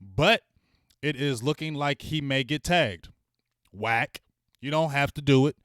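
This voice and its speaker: A man hosting a fan channel, ranting bluntly and with plenty of swearing as he heckles rival fans and shouts out viewers in his live chat. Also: mid-range voice, unhurried, smooth, no echo, studio quality. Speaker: sports fan channel host.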